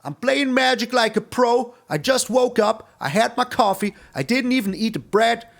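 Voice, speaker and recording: A young man giving casual gameplay commentary, playful and taunting, swinging between excited high bursts and low mutters. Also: moderate pace, vocal fry. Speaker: game streamer.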